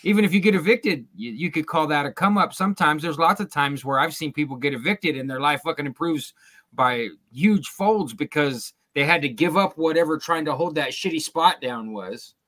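A man with a bright, somewhat high voice talks on a podcast about getting out of survival mode. He sounds earnest and motivational, with a preachy lean and the odd curse. His tone is open and forward. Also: animated, moderate pace. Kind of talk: casual chat.

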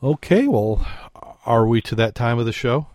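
A man co-hosting a podcast in casual chat, chatty and quick to laugh. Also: mid-range voice, animated, darkish tone, no echo, studio quality. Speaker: podcast co-host. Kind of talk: casual chat and joke telling.

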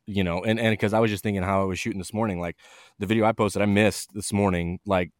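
A man chatting in a relaxed, rambling, self-deprecating way on a podcast. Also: lowish voice, fast, no room sound, clean studio sound. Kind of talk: casual podcast talk.

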